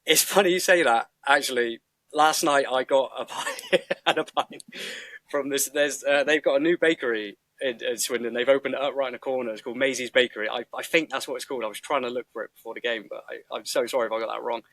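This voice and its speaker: An easygoing man chats as a guest on a football podcast. His voice sits in a middle pitch and sounds dry and close, with no room echo. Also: fast, a bit bright. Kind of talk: casual chat.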